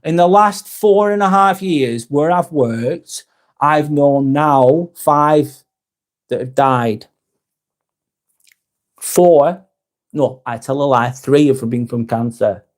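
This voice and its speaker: A man's voice: a little high, slow, long pauses. A man hosting a live stream, reading chat comments aloud, swearing heavily, then apologizing.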